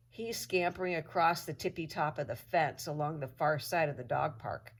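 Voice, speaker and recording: Woman teacher, low voice, storybook read-aloud, expressive. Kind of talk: reading a children's chapter book aloud.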